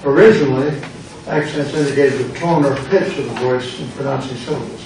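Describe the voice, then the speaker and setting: A man's voice: mid-range voice, fairly quick. An older American man, a pastor, teaching a Greek class, quizzing students, repeating words and making playful puns. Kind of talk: classroom lesson with drills. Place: church classroom. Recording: very echoey room, mic far off, noise.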